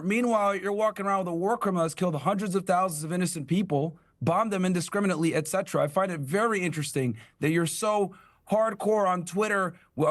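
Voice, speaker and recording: A young man in a combative debate, blunt and mocking, sneering as he quotes his opponent. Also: sits high. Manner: blunt, mocking, sarcastic quoting. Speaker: debate guest.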